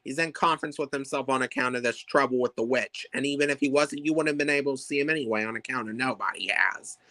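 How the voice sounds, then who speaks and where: A man's voice: mid-range voice, fast, sharp tone, no room sound, close to an everyday voice. A man voicing a stubborn, fussy male palace doorman who talks in an officious, ungrammatical way.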